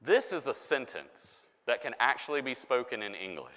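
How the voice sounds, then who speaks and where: A man preaching as a pastor, giving a sermon with animated, playful emphasis. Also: medium pitch, moderate pace, hardly any pauses. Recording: long hall reverb.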